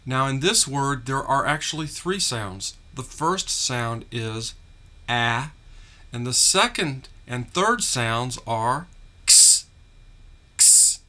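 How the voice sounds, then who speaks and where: Slow, deliberate man teaching phonics. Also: medium pitch, animated, sharp tone. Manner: drawn-out, carefully articulated sound drills.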